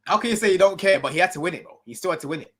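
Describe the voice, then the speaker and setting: A man's voice: sits high, racing, a bit bright, breathy edge. A young man arguing football on a podcast, pushing his point hard and repeating himself. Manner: argumentative, repeats points, street slang. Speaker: football pundit. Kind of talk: heated podcast debate.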